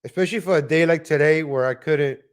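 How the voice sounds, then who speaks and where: A man's voice: a little high, fast, clean tone. A man hosting a live stream, commenting on viral videos in a blunt, profane, ranting way. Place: lives in Texas.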